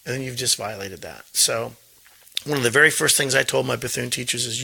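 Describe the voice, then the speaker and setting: A middle-aged man talks as a guest principal, with a strongly gravelly fry all through. His tone is very bright and forward. He speaks earnestly, doubling words as he works out each thought. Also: medium pitch, fairly quick, low-quality recording. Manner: earnest, repeats words as he thinks. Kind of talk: casual interview talk.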